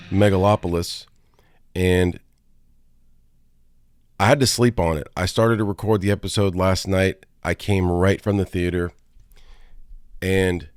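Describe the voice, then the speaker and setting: A man's voice: low voice, no room sound, clean studio sound. A man from Florida hosting a casual film-review podcast, rambling through an anecdote with frequent restarts and offhand swearing. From Florida, USA.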